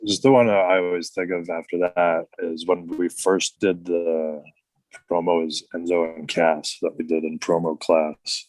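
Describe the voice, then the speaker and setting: A man's voice: sits low, level tone, unhurried, a little mellow, dry recording. A man, a former wrestler, telling casual stories as a podcast guest, full of "like" and restarts. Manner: rambling, heavy use of "like".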